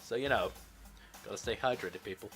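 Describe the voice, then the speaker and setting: A man's voice: fairly low pitch, a little fast, a bit bright, faint music behind. A man chatting casually over a game recording in a joking, self-deprecating way. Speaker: let's play host. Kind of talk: casual commentary over gameplay.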